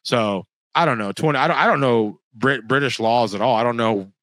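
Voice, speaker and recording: A man's voice: medium pitch, fairly quick, a bit bright, no room sound. A man from the United States hosting his own show, rambling bluntly through casual commentary with crude jokes and frequent restarts. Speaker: podcast host.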